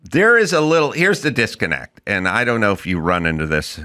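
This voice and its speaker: Speaking fairly quickly in a lowish voice, a middle-aged man hosting a talk show tells stories in casual interview chat. He's an animated podcast host who mimics quotes in mocking voices.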